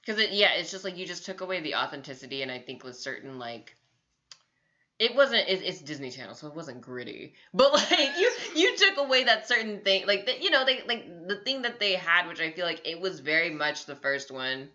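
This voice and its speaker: A woman with a notably low voice and a bright, forceful edge reviews films on a podcast in a loose, chatty way, hedging her points with lots of fillers. The audio sounds a little dull and lo-fi. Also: expressive, a little fast. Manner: chatty, hedging, full of "like" and "you know". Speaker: podcast co-host. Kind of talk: casual pop-culture review chat. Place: lives in New York.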